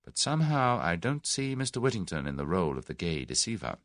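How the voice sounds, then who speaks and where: A man reading an audiobook voices a spirited, wary young Englishwoman, raising his voice and giving quick, plucky retorts. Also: low voice, big pitch swings, a bit bright, dry recording, clean studio sound.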